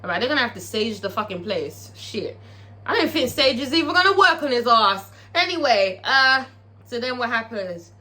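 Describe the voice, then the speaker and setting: A woman's voice: a little high, very animated, normal speed, bright, forceful tone. A British woman recapping a TV episode in a casual, profane, chatty way, as a show reviewer.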